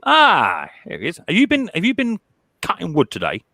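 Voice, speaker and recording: A man, hosting a casual livestream chat, chatty and quick to laugh, often repeating himself. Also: high-pitched, wildly swooping pitch, vocal fry, bright, forceful tone, dry recording. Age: 30s. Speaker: livestream host.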